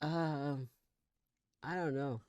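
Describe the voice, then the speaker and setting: A man's voice: fairly high pitch, fairly even intonation, very slow, a little mellow, clear, resonant tone, dry recording, muffled recording. A man with an American accent co-hosting a casual podcast, hesitant and trailing off with fillers and small laughs. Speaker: podcast co-host. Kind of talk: casual chat.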